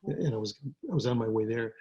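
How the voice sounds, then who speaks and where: Husky older man telling stories. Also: mid-range voice, lively intonation, fast talker, mellow, dull audio. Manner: rambling, repeats words, restarts often. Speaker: interview guest, actor. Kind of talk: casual storytelling interview. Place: home.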